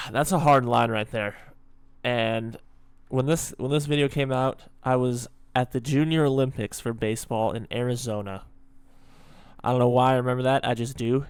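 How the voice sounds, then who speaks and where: Smooth-voiced young man hosting reactions. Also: mid-range voice, steady tone, moderate pace, no echo. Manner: chatty, stops to explain and joke. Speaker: reaction video host. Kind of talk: casual reaction commentary.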